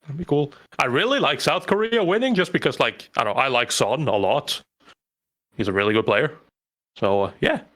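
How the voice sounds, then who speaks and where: A man's voice: mid-range voice, animated, normal speed, fairly bright tone. A man co-hosting a podcast in casual chat, rambling, laughing often and swearing. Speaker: podcast co-host.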